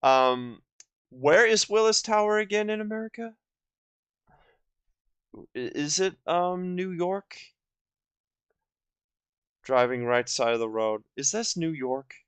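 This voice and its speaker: Young man, twenties, gaming commentary, rambling, halting, many fillers, slow, dry recording. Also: fairly high pitch, lively intonation, fairly bright tone, smooth, no room sound. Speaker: gaming video host. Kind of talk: casual let's-play commentary.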